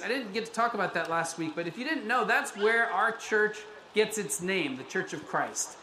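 High-voiced pastor in an echoey church. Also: male voice, animated, moderate pace, hardly any pauses, pushed and bright. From United States. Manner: chatty, personal, self-deprecating. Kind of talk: conversational sermon. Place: church sanctuary. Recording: echoey room with background noise.

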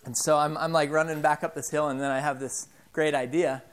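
A man in his thirties giving an informal sermon, telling stories in a halting way with many fillers and restarts. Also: on the high side, smooth. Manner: animated, self-deprecating storyteller. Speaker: preacher.

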